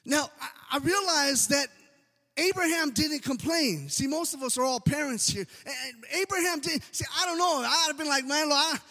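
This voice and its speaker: A man's voice: very high-pitched, brisk, few pauses, pushed and bright, in a large hall. A man preaching a sermon in an emphatic, sing-song cadence, often dropping an "amen".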